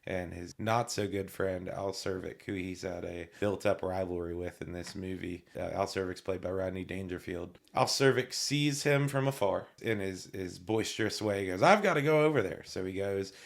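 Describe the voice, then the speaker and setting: A man with a fairly low voice co-hosting a podcast. He talks casually and recaps scenes with a dry, light humor, sometimes tripping over his words as he goes. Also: steady tone, normal speed, gravelly, hardly any pauses. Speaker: podcast co-host, attorney. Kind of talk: casual legal discussion.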